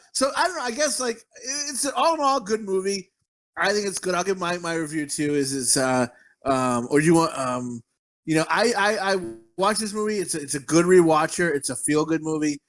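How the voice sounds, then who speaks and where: A man co-hosts a casual podcast, full of crude jokes and easy laughter. His voice sits high and moves all over the place. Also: animated, moderate pace, fairly bright tone. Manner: jokey, crude banter, laughs a lot. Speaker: podcast co-host.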